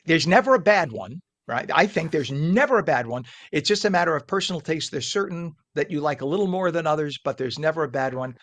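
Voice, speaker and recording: A man's voice: on the high side, animated, brisk, hardly any pauses, fairly bright tone. A man hosting a live TV morning show interview, chatty and joking, eating food on air.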